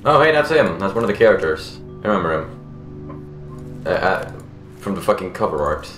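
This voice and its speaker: Man, let's play host, low voice with lots of pitch movement, swears freely, echoey room. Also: big pitch swings, normal speed, fairly bright tone, soft background music. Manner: casual, heavy swearing, reads game lines aloud. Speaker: gaming video host.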